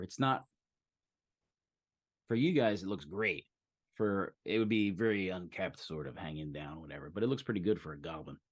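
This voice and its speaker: A man as game master, describing a scene in a halting way with many fillers. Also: on the low side. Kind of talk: narrating a tabletop game.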